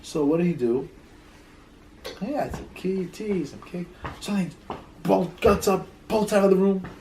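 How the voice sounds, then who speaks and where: A man's voice: high voice, a little slow, noisy background. A rabbi teaching a Torah class in a loose, conversational way, telling stories, repeating words as he thinks, and dropping in Hebrew terms.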